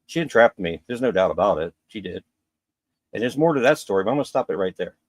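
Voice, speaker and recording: A man's voice: lively intonation, fast talker, dry recording. A middle-aged man telling a personal story as a podcast guest, candid and rambling, voicing quotes of others. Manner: candid, rambling, acts out quotes with raised pitch.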